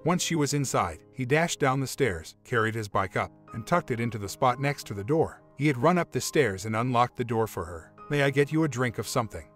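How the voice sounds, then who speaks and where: A man's voice: mid-range voice, fairly quick, few pauses. Man narrating a story over faint music. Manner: reads all parts in one even voice. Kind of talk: scripted narration of a relationship story.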